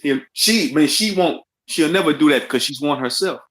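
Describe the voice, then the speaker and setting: A woman's voice: low-pitched, expressive, moderate pace, rough recording. Blunt woman co-host on a stream. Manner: short, blunt agreeing remarks.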